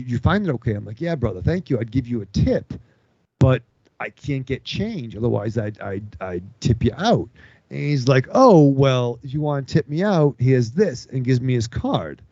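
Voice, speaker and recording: Man, gravelly, animated, swearing storyteller; dry, dull podcast sound. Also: medium pitch, no echo. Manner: animated, swearing, acts out other people's lines. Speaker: podcast co-host. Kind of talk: casual storytelling with profanity.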